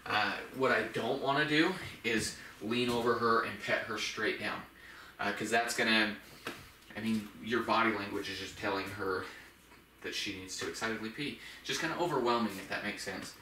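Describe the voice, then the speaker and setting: A man, a dog trainer, talking casually about a puppy's training in a relaxed, explanatory way. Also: lowish voice, normal speed, reverberant, far from the mic, a little hiss or hum, low-quality recording. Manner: relaxed, explanatory, with frequent restarts and fillers. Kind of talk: casual instructional talk.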